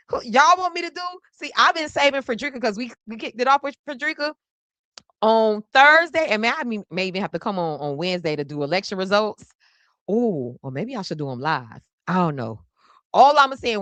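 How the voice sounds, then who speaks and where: Lively, bright-voiced woman podcast host. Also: a little high, a little fast, no room sound. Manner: playful, joking with the audience. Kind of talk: casual live podcast chat.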